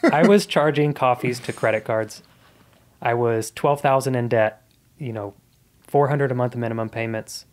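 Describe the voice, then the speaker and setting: A man's voice: mid-range voice, moderate pace. Guy in his 30s on a podcast, earnest, looking back on his past, regular mid-range voice. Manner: earnest, reflective. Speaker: podcast guest, comedian. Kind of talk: casual interview storytelling.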